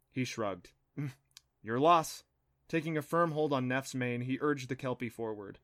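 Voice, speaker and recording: A man narrating a children's adventure storybook in a steady, expressive reading. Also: medium pitch, dry recording, studio quality. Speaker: audiobook narrator.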